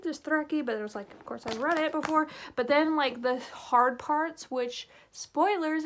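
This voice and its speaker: High-voiced woman for a casual book vlog; rambling, gushing delivery. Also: a little hiss or hum. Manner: gushing, chatty, full of fillers and "oh my gosh". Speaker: book reviewer.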